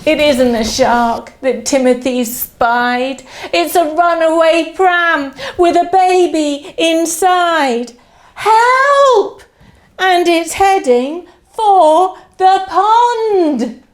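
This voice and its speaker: A nursery teacher, a woman, reading a picture book aloud to young children in a lively, sing-song way and inviting them to join in. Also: sits high, takes it slowly.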